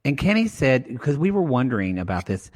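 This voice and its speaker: A man's voice: medium pitch, sing-song, fairly quick, a little mellow. A man, co-hosting a podcast in a rambling, chatty way, addressing listeners as y'all. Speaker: podcast co-host. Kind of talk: casual chat recapping reality TV.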